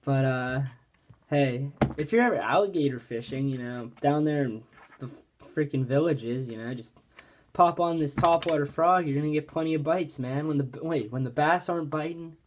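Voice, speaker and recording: A man's voice: a little high, normal speed, slight background noise. A man from Pennsylvania telling a fishing story in a casual, rambling way, saying "like" constantly. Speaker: fishing vlogger.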